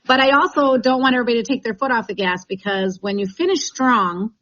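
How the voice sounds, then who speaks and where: A woman's voice: on the high side, quick pace, a bit bright, lo-fi sound. A woman who leads a real estate team, talking in a chatty, enthusiastic way with many restarts in a radio interview.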